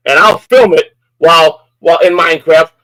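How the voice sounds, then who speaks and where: Older male streamer, furious profane rant, fairly high voice, dry close mic. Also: normal speed, bright, forceful tone, no room sound, rough recording. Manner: profane, threatening, repetitive. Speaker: live-stream host. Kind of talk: angry live-stream rant.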